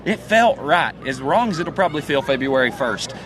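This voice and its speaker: A young man in his twenties, a fan, telling an excited story outdoors with lots of "like.". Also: a little high, moderate pace, poor audio. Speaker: fan guest. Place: outdoors outside an arena. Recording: loud crowd outdoors.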